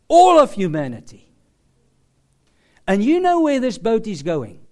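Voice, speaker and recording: Slow, lively-pitched male preacher. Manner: slow, emphatic preaching with dramatic pauses. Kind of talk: sermon.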